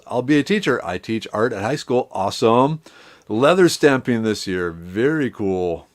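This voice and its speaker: Here a middle-aged streamer chats with his audience in a loose, rambling manner, calling out viewers by name. The pitch is mid-range and the pace normal.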